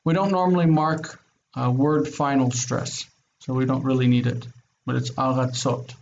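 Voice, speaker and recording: A man's voice: medium pitch, steady tone, moderate pace, vocal fry, darkish tone. A male Hebrew teacher giving an online grammar lesson, explaining patiently, repeating words and checking understanding with "okay?". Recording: dull lo-fi sound with faint noise.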